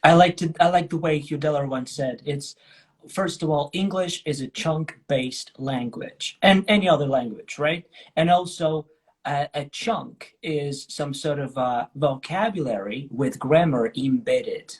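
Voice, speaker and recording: A man's voice: a little high, unhurried, breathy edge. A man hosting a language-teaching chat, enthusiastic and jokey, often asking "right?". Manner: enthusiastic, jokey, frequent "right?" and "you know". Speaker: host. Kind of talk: podcast interview chat.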